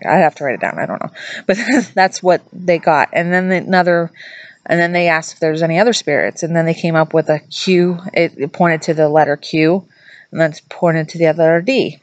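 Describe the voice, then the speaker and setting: A woman's voice: on the low side, no room sound, highs cut off. A woman vlogger casually telling a ghost story, chatty and rambling, often correcting herself mid-sentence.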